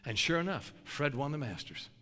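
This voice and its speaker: Man, preacher, sermon, sharp bright tone, long reverb of a big hall. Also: a little high, moderate pace. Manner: animated, folksy storytelling, builds to shouting.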